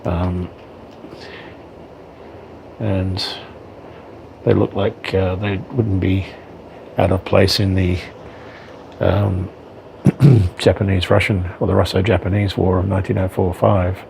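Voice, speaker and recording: Deep gravelly man unboxing miniatures. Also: level tone, slow pace, long pauses, a little mellow, slight background noise, poor audio. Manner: hesitant, frequent ums and self-corrections. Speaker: wargaming hobbyist reviewing miniatures. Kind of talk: casual unboxing commentary.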